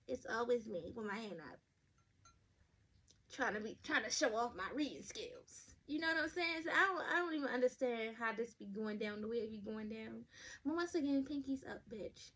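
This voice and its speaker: High-voiced, blunt woman podcast host. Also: brisk, bright, forceful tone. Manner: blunt, profane, chatty asides to listeners; stumbles over words when reading aloud. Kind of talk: casual podcast commentary reading advice stories.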